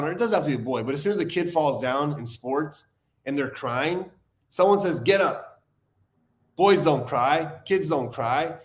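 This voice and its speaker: A young adult man hosting a recovery live stream, talking in an earnest, animated way and reading viewer comments aloud. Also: a little high. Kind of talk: casual live-stream talk.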